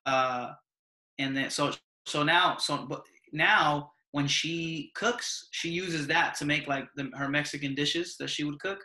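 Bright-voiced man telling laid-back stories. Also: fairly high pitch, fairly even intonation, measured pace, reverberant. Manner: laid-back slang-heavy storytelling, laughs often. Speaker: podcast host. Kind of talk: casual chat.

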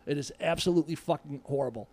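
A man in his forties, a podcast guest, telling stories in an animated, profane, casual way. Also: a little high, fast.

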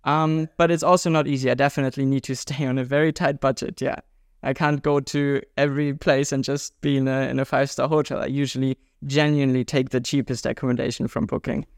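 This quick-paced speaker is a cheerful, talkative German man in his twenties with a German accent, interviewed as a guest about his life as a world traveler and juggler. His pitch rises sharply when he gets animated. The sound is dry and studio quality.

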